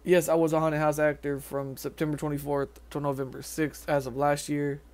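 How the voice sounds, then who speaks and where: A man's voice: fairly high pitch, little pitch movement, a little mellow. A young man from Tennessee, talking casually to camera outdoors in a rambling vlog style. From Nashville, Tennessee. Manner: rambling, quick, with fillers and restarts. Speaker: vlogger, haunted house actor.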